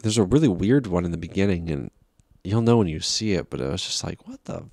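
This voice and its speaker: A man's voice: sits low, lively intonation, brisk, gravelly, a little mellow, dry recording. A man giving a casual, rambling film review, exasperated and profane, with frequent restarts.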